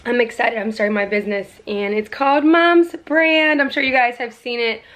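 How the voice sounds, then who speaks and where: A woman's voice: fairly high pitch, normal speed, a bit bright. A woman vlogging casually at home, chatty and rambling, full of fillers as she talks to her viewers. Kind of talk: casual vlog chat to viewers.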